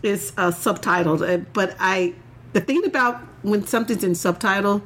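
A woman's voice: mid-range voice, normal speed. A woman chatting casually as a co-host, laughing often and restarting her sentences. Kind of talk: casual chat.

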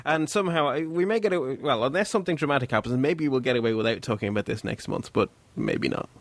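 An Irish man hosts a casual tech podcast. He reads off the figures in a steady, methodical run and keeps the discussion moving. His voice sits dry and close to the mic. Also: medium pitch, fast talker, no room sound. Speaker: podcast host.

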